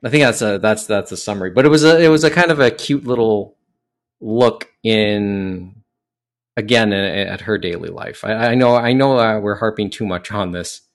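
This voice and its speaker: A man's voice: on the low side, normal speed. A man hosting a casual podcast chat, rambling with many fillers and restarts. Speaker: podcast host.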